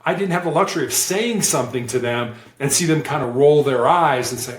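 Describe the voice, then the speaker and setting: Guest man, animated storyteller who mimics quoted voices, average pitch, roomy echoey sound. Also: fairly quick. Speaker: guest, former hostage negotiator. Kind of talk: conversational interview storytelling.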